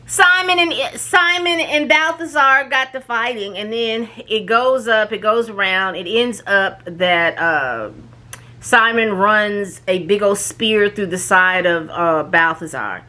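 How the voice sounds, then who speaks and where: Animated woman recapping a show. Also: mid-range voice, slow pace. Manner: animated storytelling, acts out quoted lines, frequent restarts and fillers. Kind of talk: casual spoken recap.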